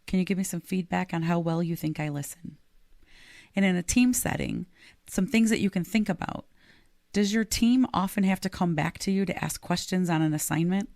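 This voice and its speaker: A woman's voice: fairly low pitch, a little mellow, dry recording, clean studio sound. A woman podcast co-host and leadership coach, talking casually and earnestly and laughing easily.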